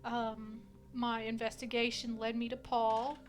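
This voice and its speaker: A woman's voice: fairly high pitch, level tone, a little slow, faint music behind, natural voice. A woman voicing a murdered female ghost testifying in a tabletop game, earnest and plain.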